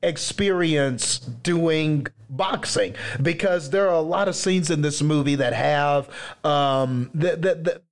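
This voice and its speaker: A man co-hosting a podcast, explaining his ideas in a hesitant way with many pauses and restarts. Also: fairly high pitch. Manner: hesitant, full of fillers and restarts. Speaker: podcast co-host. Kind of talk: casual chat.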